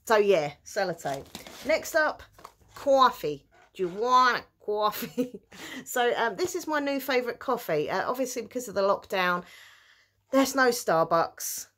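A woman chatting casually through a shopping haul, giggling and breaking into excited cheers. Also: fairly high pitch, a little slow. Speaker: vlogger.

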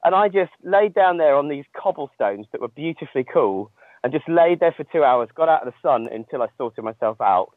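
A man's voice: a little high, expressive, brisk, no echo. Man on a tinny phone line. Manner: self-mocking, laughing storyteller. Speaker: ultramarathon runner calling in. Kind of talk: casual phone chat. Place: outdoors on a long-distance trail.

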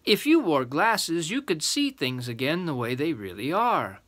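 An older man voicing a helpful little boy in a gentle, plain voice for a children's storybook. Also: a little high, big pitch swings, unhurried, heavily acted. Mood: thoughtful.

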